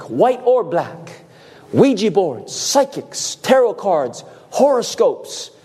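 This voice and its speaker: Male preacher with a high-pitched voice, emphatic sermon delivery. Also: dark tone. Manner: emphatic preaching, dramatic pauses, acts out quoted voices.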